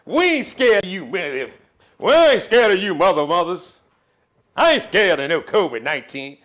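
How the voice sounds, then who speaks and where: A man doing an impression of a boastful, fearless country-talking man, loud and defiant. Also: high voice, very animated, normal speed, pitched above the performer's own voice. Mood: defiant bravado.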